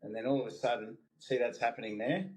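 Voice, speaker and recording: A man, a horse trainer, explaining his methods in a relaxed, casual interview with everyday comparisons. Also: mid-range voice, quick pace, rough recording.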